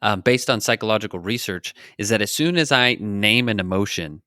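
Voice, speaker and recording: Man, podcast co-host, explanatory, acts out example lines, lowish voice, bright forceful tone, dry sound. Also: fairly quick, no room sound. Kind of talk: casual podcast discussion.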